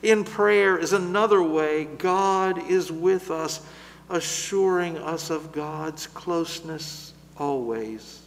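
A man preaching a sermon in a slow, measured way, building louder through lists and then dropping to a soft, gentle close. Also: fairly high pitch, creaky, big-room sound, a little hiss or hum.

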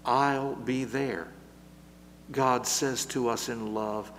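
A man preaching a sermon in a slow, measured way, building louder through lists and then dropping to a soft, gentle close. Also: high voice, long reverb tail.

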